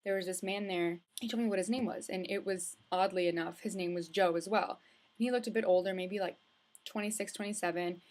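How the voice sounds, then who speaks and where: A woman's voice: mid-range voice, fairly even intonation, fairly quick, darkish tone. A young woman vlogging from home, telling a casual, rambling story full of likes and restarts. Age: young adult. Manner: chatty, rambling, with many filler likes and restarts. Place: indoors at home, with hood up.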